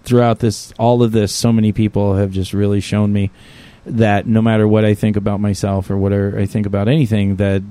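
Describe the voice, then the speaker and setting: A man co-hosting a casual podcast, talking in a rambling, halting way with many restarts. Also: lowish voice, little pitch movement, warm tone, clear, resonant tone. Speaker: podcast co-host. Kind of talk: casual chat.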